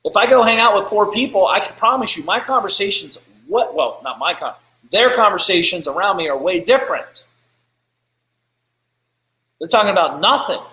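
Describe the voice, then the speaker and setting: A man's voice: high-pitched, expressive, normal speed, sharp tone. A man hosting a live business show, giving a blunt, profane, fired-up motivational rant. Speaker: business podcast host. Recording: echoey room.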